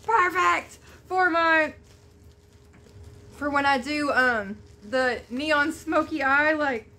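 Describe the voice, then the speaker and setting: A woman vlogger chatting to camera at home while unboxing a gift, gushing and excitable. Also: high-pitched, takes it slowly. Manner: gushing, excitable, Southern-style "y'all". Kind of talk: casual chat to camera.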